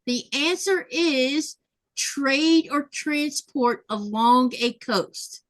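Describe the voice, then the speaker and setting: A woman's voice: sits high, very slow, a bit bright. A woman hosting a casual sewing livestream, chatting and laughing often as she reads viewer comments aloud. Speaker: livestream host.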